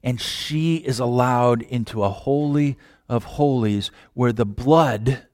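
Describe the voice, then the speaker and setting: Impassioned male preacher, hushed to loud. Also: mid-range voice, slow pace, no echo, clean studio sound. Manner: impassioned, rhetorical questions, swings from hushed to loud. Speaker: pastor. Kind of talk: sermon.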